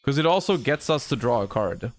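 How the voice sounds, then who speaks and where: A man streaming a card game live, thinking his plays through out loud, with sudden excited outbursts. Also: medium pitch, brisk. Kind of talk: live-stream gameplay commentary.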